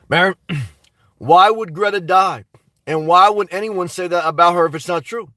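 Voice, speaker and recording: A man's voice: high-pitched, measured pace, long pauses, fairly bright tone, no room sound, far from the mic. A man hosting a casual live stream, reading viewer comments and answering them bluntly while fighting a dry cough. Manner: rambling, blunt, talks back to chat comments. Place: inside a car.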